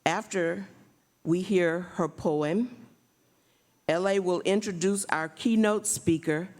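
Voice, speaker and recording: A woman hosts a community program and reads out an introduction. Her voice sits on the low side, and her pace is slow and formal. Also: a little mellow. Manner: measured, formal announcing. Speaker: event host. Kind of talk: reading an introduction.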